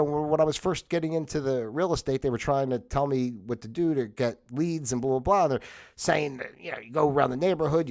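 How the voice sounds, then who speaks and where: A middle-aged man from New Jersey hosting a livestream, telling a rambling story with lots of fillers and some mild swearing. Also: mid-range voice. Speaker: livestream host. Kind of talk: casual livestream monologue.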